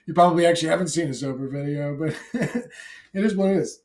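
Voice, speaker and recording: A man ranting alone to camera in a vlog, brash and profane, swinging from shouted outbursts to low mumbled asides; he says he is high while filming. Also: quick pace, slight background noise. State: intoxicated. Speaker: YouTuber.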